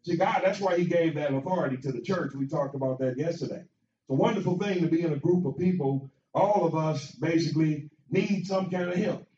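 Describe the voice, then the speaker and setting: A male pastor preaching a sermon and inviting people to join the church, repeating phrases and building to shouts. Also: a little high, a little fast. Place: church sanctuary. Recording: echoey church sound, distant mic, dull.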